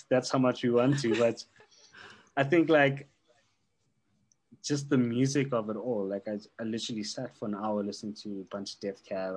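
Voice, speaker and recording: A man's voice: fairly low pitch, low-quality recording. A man hosting a podcast, chatting casually over a video call, rambling and laughing often. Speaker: podcast host. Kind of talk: casual chat.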